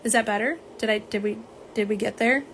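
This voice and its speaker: With a voice on the high side and a slightly fast pace, she speaks over slight background noise. Her live nail polish stream is casual and talkative, as she addresses viewers as "y'all" and reads out their chat comments to answer them.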